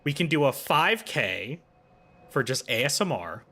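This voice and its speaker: A man's voice: medium pitch, big pitch swings, measured pace, sharp tone. A man streaming a video game, chatting casually with his viewers in a playful, teasing way. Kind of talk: casual livestream chat.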